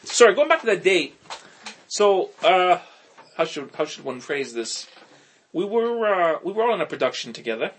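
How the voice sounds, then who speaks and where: A man's voice: sits high, sing-song, moderate pace, fairly bright tone, slightly rough. A man co-hosting a podcast, chatting casually in a rambling, wry way that keeps interrupting itself. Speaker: podcast co-host. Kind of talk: casual chat.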